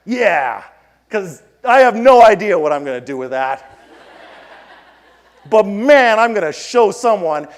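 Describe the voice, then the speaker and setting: A man giving a keynote talk at a conference, telling a story and acting out his own lines in a raised voice. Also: sits high. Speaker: keynote speaker. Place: conference hall before an audience.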